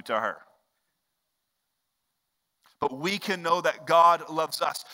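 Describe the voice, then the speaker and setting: A man preaching a sermon as pastor, swinging between loud, emphatic stretches and hushed, quiet ones. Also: fairly high pitch. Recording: long hall reverb.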